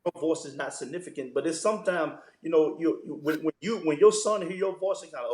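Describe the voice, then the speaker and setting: A man, a pastor, talks through fatherhood in a loose, story-filled way, dropping "man" into almost every thought. His voice sits a little high, and the room around him rings with echo. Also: fast talker, hardly any pauses, darkish tone. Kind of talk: conversational interview.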